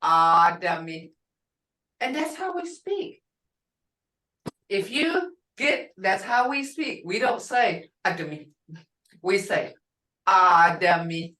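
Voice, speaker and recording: A woman's voice: high voice, sing-song, takes it slowly, fairly bright tone. A woman teaching a language class, drilling words aloud and asking students whether each sound is short or long. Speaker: language instructor. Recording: roomy classroom audio from far off.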